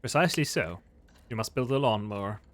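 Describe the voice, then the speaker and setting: A man's voice: on the low side, lively intonation, fairly quick, pitched below the performer's own voice, natural voice. A man voicing a grandiose being that calls itself the end of time, speaking in solemn, portentous pronouncements. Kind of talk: voicing game dialogue.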